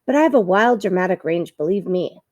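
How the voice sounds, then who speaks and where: A woman's voice: on the low side, lively intonation, fairly quick, darkish tone, dry recording, clean studio sound, lightly acted. Woman playing a gushing theatrical opossum. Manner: dramatic, gushing. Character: theatrical chatty female opossum, a born ham.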